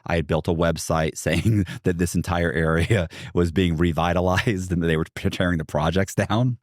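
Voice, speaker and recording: Middle-aged american guy rambling through a story, really low voice, dry close mic. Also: fairly even intonation, moderate pace, no echo. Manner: rambling, many restarts and asides. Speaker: podcast guest. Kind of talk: casual storytelling.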